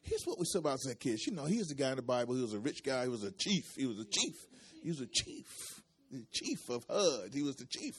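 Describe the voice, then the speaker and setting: Very animated and quick, this man's medium-pitched voice carries a sermon built on call-and-response. The pastor keeps repeating phrases and drawing answers from the congregation as his intensity swells and ebbs.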